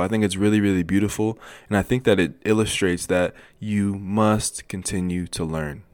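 A young man speaks in a low, earnest register, hosting a motivational podcast on his own. He talks casually to his listeners and stumbles over words now and then. The recording is dry, with no room sound. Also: no room sound. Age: young adult. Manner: halting, with restarts and stutters. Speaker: podcast host. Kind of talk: motivational solo podcast talk.

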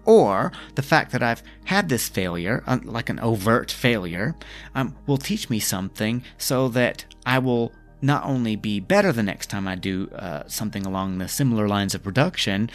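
A man hosting a reflective self-help podcast, speaking gently and asking the listener questions as he coaches. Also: medium pitch. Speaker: podcast host. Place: lives in Scotland.

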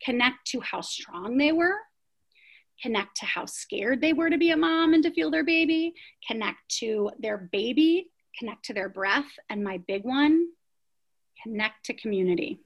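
A woman's voice: on the high side, lively intonation, normal speed, highs cut off. A middle-aged woman, founder of a prenatal yoga studio, telling her story in an interview with emphatic rhetorical questions.

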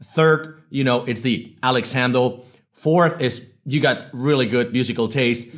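A man's voice: mid-range voice, unhurried. A man hosting a podcast, introducing guests in an upbeat, rambling, casual way. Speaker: podcast host and company founder.

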